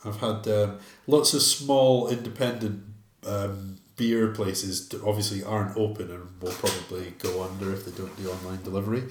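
Low-voiced man, echoey room. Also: little pitch movement, moderate pace, few pauses, slight background noise. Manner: dry, joking, says um often. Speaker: podcast co-host. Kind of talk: casual chat.

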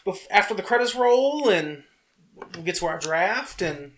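A man co-hosting a casual podcast chat, relaxed and quick to agree and laugh along. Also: high voice, a little hiss or hum. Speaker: podcast co-host.

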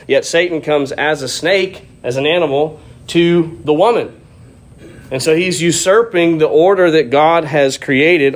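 A man giving an expository sermon, teaching in a steady way with occasional restarts. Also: a little high. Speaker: pastor.

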